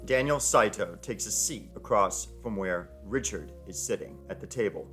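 A man narrating an audio story in a plain, even reading voice. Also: lowish voice, normal speed, soft background music. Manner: plain present-tense reading.

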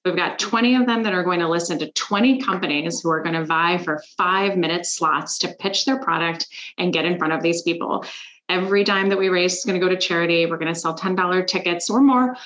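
A woman guest on a podcast, telling animated, emphatic stories about sales with exasperated asides. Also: on the low side, fairly quick, lo-fi sound. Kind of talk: casual interview chat.

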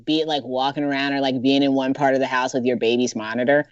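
A woman chatting casually about a film, expressive and full of "like". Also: extremely low pitch, fast talker, no echo, muffled recording. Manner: expressive, lots of "like", rising tone. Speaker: podcast co-host.

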